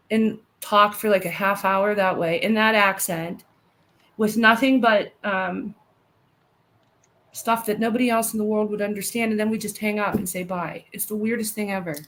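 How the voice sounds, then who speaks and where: A woman in her thirties co-hosting a podcast, chatting casually, reading out live comments and telling quick stories with a lot of giggling. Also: mid-range voice, fairly even intonation, a bit bright. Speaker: podcast co-host.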